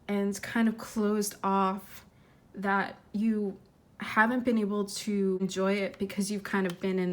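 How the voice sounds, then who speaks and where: A woman giving an intuitive tarot reading, speaking gently and earnestly with frequent fillers and restarts, holding back tears. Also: medium pitch. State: tearful, fighting emotion. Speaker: tarot reader.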